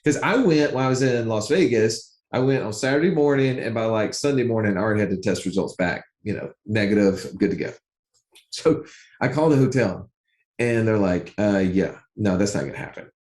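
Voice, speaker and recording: A man co-hosting a casual podcast, swept up in his own story. He repeats himself and acts out what people said, with a middle-pitched voice in a roomy, echoing space. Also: lively intonation, fairly quick, a little mellow. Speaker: podcast co-host.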